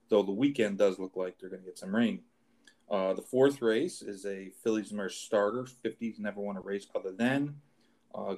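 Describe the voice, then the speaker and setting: Low-voiced man rambling through a race card. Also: darkish tone. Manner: halting, with many fillers and restarts. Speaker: racing show host. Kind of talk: casual chat.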